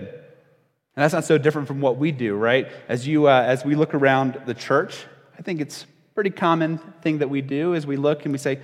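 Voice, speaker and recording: A man's voice: medium pitch, fairly even intonation, moderate pace. Man preaching in a reverberant church hall. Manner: conversational, acts out quoted voices, with fillers and restarts. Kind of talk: sermon.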